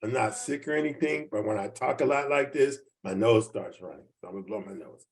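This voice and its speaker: A lowish, creaky male voice, a bit fast, from a man in his seventies. He's leading a team training over video in a folksy manner, repeating his points and checking with the audience through questions.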